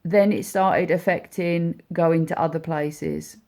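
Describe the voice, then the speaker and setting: A woman speaking as a mother, telling a personal story in a heartfelt, halting way with many repeats and restarts. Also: on the low side, steady tone, dark tone. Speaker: mother speaking about her son.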